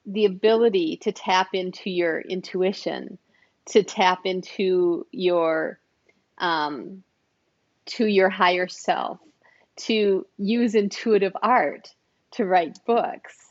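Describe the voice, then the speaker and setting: A woman's voice: medium pitch, dull audio. A woman hosting an interview in casual chat, enthusiastic and rambling with restarts. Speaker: host.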